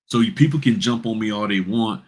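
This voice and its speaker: Husky low-voiced guy giving blunt notary business advice, straight shooter, keeps repeating himself. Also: fairly quick, darkish tone. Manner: blunt, straight-talking, repeats points for emphasis. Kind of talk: casual advice vlog.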